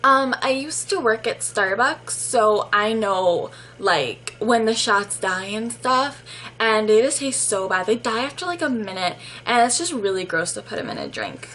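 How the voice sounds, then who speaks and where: A woman voicing a polite, apologetic young woman customer who talks softly and slowly. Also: on the high side, sing-song, slight background noise. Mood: sweetly polite.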